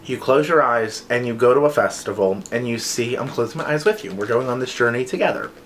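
A man's voice: mid-range voice, expressive, fairly quick, fairly bright tone, a little hiss or hum. A man chatting enthusiastically and playfully as he reviews scented wax melts in a casual haul video.

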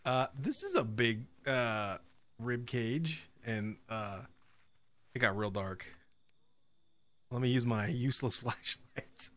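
A man's voice: mid-range voice, expressive, slow pace, long pauses, a bit bright. Jumpy man narrating a horror game. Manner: jumpy, swearing, nervous laughing. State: scared, on edge. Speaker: gaming channel host.

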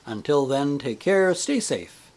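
A man reading a book aloud, measured and expressive. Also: a little high. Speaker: reader. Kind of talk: audiobook reading.

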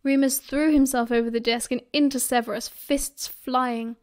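A woman's voice: sits high, steady tone, moderate pace. British woman reading an audiobook. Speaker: audiobook reader. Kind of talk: audiobook narration.

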